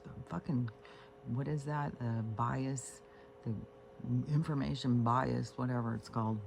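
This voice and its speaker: A medium-pitched, gravelly, slightly mellow voice comes through with a little background noise. A home vlogger sitting on a couch with pets delivers a casual, meandering monologue, cursing freely and full of fillers and restarts.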